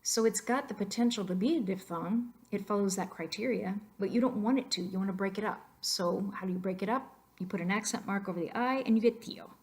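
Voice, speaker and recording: A woman's voice: medium pitch, fast talker, hardly any pauses, a little mellow. A woman teacher narrating a slideshow lesson in a playful, emphatic way, moving back and forth between English and Spanish. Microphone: voice-over on a computer mic.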